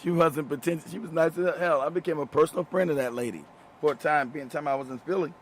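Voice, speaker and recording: Speaking fast in a slightly high voice, with a little hiss or hum in the background, a fifty-something show host rambles through profane stories. He laughs a lot and circles back over the same points in this casual monologue.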